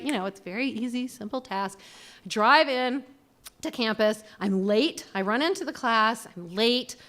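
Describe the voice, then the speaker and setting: Bright, lively woman telling a story on stage. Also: fairly high pitch. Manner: animated, self-deprecating, acts out quoted voices. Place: small theater stage.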